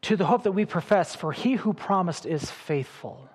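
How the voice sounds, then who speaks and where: A middle-aged man preaching a sermon as pastor, animated, with sudden loud bursts and soft drops. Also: sits high, normal speed, breathy edge, long reverb tail.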